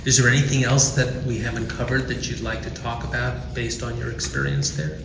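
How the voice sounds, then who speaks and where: A man's voice: mid-range voice, brisk, over music. Male interviewer in a reverberant hall. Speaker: oral history interviewer. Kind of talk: interview questions. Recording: reverberant hall with clear noise.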